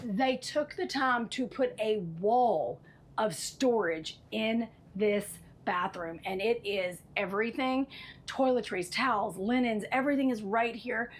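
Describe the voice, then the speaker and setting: A woman's voice: a little high, a little slow, a little hiss or hum. A woman hosting an RV walkthrough inside a travel trailer, chatty and sassy, calling viewers honey and y'all. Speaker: RV tour host. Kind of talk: enthusiastic walkthrough review.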